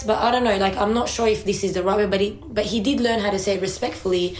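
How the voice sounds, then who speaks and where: A woman co-hosting a casual conversation, a mother telling everyday stories in a chatty, animated way and laughing easily. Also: medium pitch, fast, hardly any pauses. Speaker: podcast co-host and mother. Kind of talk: casual conversation, anecdotal storytelling. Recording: roomy echoey room.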